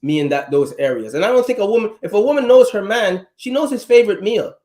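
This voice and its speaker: A man's voice: sits high, expressive, fast, dark tone. A middle-aged man with a Trinidadian accent, speaking bluntly as a guest. He is opinionated and emphatic, and he talks in a loose, conversational way. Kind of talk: casual chat.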